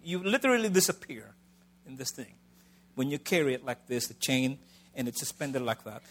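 A middle-aged man preaching a sermon in a conversational way, swinging between loud emphasis and soft asides. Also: mid-range voice, very animated, normal speed.

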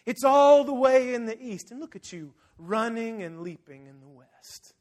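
A man voicing Jesus as a gentle, forgiving adult man who soothes and reassures. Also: fairly high pitch, lively intonation, normal speed. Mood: reassuring.

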